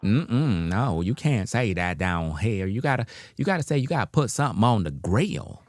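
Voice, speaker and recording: Man playing a matter-of-fact Southern woman cashier, put-on Southern drawl, pitched up. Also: sing-song, moderate pace. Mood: correcting.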